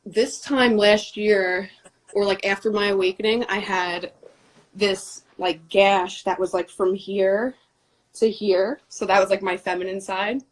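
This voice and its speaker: A woman guest on a casual live chat, talking haltingly with many fillers. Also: mid-range voice, fairly even intonation, rough recording.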